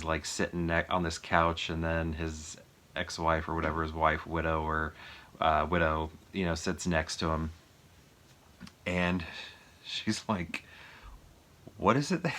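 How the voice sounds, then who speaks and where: A man's voice: sits low, pushed and bright. A man casually reviewing a film as a vlog host, rambling with lots of fillers and chuckles. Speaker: movie review vlogger. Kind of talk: casual chat.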